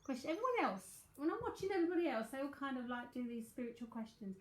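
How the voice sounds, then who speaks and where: A woman's voice: high-pitched, sing-song, fast. A woman in her forties with a South London accent, giving a live psychic reading and chatting breezily with viewers, full of asides and fillers. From South London, England. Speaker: psychic medium and tarot reader. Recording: echoey room.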